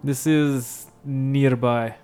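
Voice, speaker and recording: A man putting on a grandiose old king with a put-on Irish lilt. He speaks in a theatrical, old-fashioned way, louder than the narration around him. Faint music plays underneath. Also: mid-range voice, steady tone, drawn-out words, clean tone. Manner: theatrical, archaic speech.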